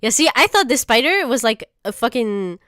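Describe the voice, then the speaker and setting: A woman streamer in casual reaction chat, profane and exaggerated, quick to laugh. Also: on the high side, sing-song, sharp tone, smooth, no room sound, clean studio sound.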